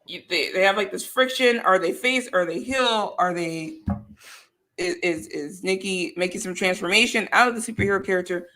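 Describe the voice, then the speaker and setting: A woman co-hosts a casual podcast, chatty and a little rambling as she reads comments aloud. Her voice is bright and forceful. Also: medium pitch, normal speed. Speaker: podcast co-host. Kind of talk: casual chat about wrestling.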